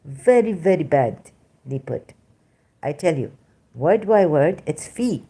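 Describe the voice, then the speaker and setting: A woman's voice: low-pitched, big pitch swings, slow pace, warm tone, breathy edge. A woman vlogger with a non-native English accent, talking straight to her viewers in an emphatic, rambling way. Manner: emphatic, rambling, addresses listeners directly. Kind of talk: unscripted monologue to viewers.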